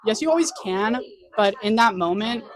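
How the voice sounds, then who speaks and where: A man's voice: high-pitched, animated, moderate pace, a bit bright. A young man in his late teens, a college-audition student, chatting in a rambling, talkative way. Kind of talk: casual chat.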